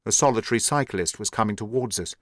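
Steady male audiobook narrator in a dry, close recording. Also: fairly low pitch, fast talker, no echo.

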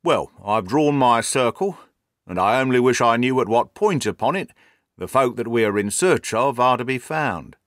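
A man's voice: mid-range voice, expressive, normal speed, dry recording, studio quality, lightly acted. A man reading the lines of a hearty, self-assured police inspector in a storybook. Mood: brisk.

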